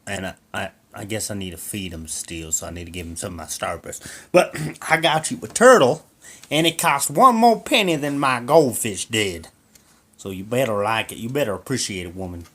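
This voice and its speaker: A man's voice: lowish voice, normal speed, fairly bright tone. Bumbling redneck husband, brags and mumbles off into a drawl , done by a man telling a story. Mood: mumbling. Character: crude dim-witted redneck husband, boastful.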